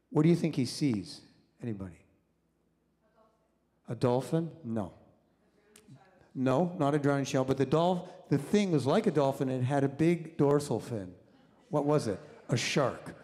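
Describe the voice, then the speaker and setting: A middle-aged man, a doctor, telling a personal story in a sermon and acting out the voices of the people in it. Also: mid-range voice. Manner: animated storyteller, acts out quoted voices, engages the audience. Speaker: doctor and guest speaker at a congregation service. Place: congregation hall. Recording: long reverb of a hall.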